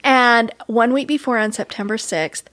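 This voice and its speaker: Woman guest, animated storyteller, slightly high voice, dry close sound, earnest. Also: moderate pace, no echo. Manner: earnest, animated retelling with quoted dialogue. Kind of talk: personal storytelling in a talk interview.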